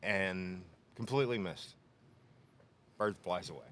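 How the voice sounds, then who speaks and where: A man's voice: low-pitched, unhurried, a bit bright. A man on a shop podcast telling a story in casual chat, laughing often and acting out the quotes. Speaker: podcast co-host. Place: workshop podcast room.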